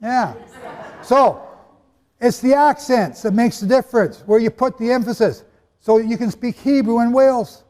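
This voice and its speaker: Male preacher, high pitch, animated conversational sermon, long hall reverb. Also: moderate pace. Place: hall with a live audience.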